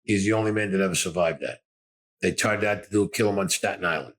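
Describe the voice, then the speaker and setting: Older brooklyn guy, low voice, blunt and profane, interview storyteller. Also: quick pace, a bit bright. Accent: Brooklyn New York. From Brooklyn, New York. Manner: blunt, gruff, swears often. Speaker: interviewee recounting his past.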